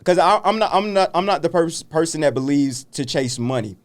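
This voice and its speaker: A man's voice: fairly high pitch, lively intonation, a little fast. A man who is a business coach and pastor, talking in a casual interview in an earnest, reflective, motivational way.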